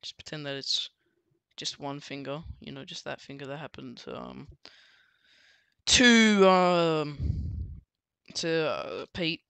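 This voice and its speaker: Rambling casual storyteller, bright dry voice. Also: mid-range voice, takes it slowly, vocal fry, clean tone, no room sound. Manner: rambling, full of fillers and restarts. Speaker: book reviewer.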